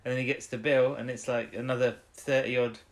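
Guy co-host rambling thru the plot, mid pitch, jumps into little voices for the characters. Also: flat delivery. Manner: rambling recap, acts out lines in quick voices. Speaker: podcast co-host. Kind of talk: casual chat.

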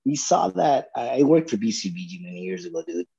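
A man on a podcast telling a story in a relaxed, casual way, often saying "dude". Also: medium pitch, brisk, creaky, husky. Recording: dull lo-fi sound.

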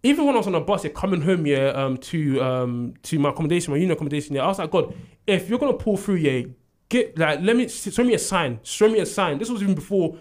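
Fast-talking young man. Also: on the high side. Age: young adult. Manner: animated storyteller who acts out quotes and laughs often. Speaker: university student. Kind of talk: casual storytelling chat.

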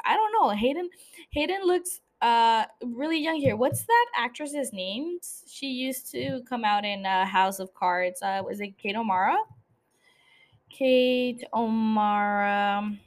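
Blunt, chatty young woman with a slightly high voice. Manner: blunt, profane, chatty and opinionated. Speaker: podcast host. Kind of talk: casual chat.

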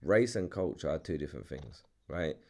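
A young Englishman with a London accent hosts a podcast, keeping the chat casual while he restarts sentences, repeats himself and swears freely. His voice rumbles low and comes across expressive and slightly mellow at a normal pace.

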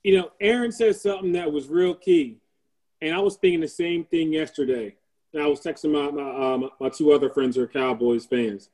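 A man's voice: a little high, a little fast, a little mellow, poor audio. A male podcast guest in casual sports chat, explaining his point in a conversational way with filler words.

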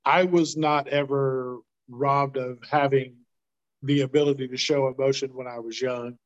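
A man in casual conversation on a podcast, talking in a relaxed, folksy, fatherly way. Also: mid-range voice, measured pace. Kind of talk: casual chat. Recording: dull lo-fi sound.

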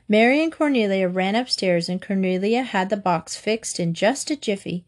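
A woman narrating a children's storybook in a steady, gentle storytelling manner. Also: mid-range voice, moderate pace, hardly any pauses.

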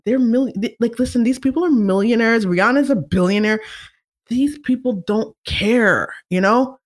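A woman hosting a casual talk show, chatting in an animated, opinionated way with many fillers and asides. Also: a little high, moderate pace. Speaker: podcast host. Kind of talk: casual chat.

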